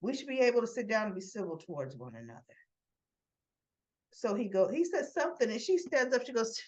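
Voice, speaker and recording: A woman's voice: fairly high pitch, big pitch swings, a little fast, lo-fi sound. A woman hosting a casual recap show, chatting and retelling scenes with quoted lines and frequent restarts. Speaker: soap opera recap host.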